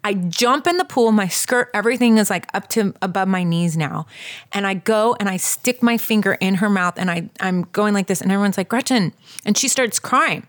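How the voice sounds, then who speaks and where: A woman's voice: medium pitch, a little fast. A woman in her thirties co-hosting a podcast, telling a story to her listeners with lots of emphasis. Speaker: podcast co-host. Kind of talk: casual storytelling chat.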